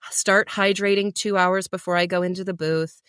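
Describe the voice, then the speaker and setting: A woman's voice: lowish voice, fairly even intonation, normal speed, a bit bright, smooth, no echo, clean studio sound. A woman who narrates audiobooks, explaining her work in a practical, matter-of-fact way during a casual podcast chat.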